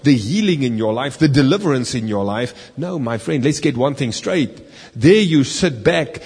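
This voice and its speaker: Husky preacher in a reverberant hall. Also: male voice, mid-range voice. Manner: swings from loud emphatic lines to slow, quiet, drawn-out words. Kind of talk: sermon.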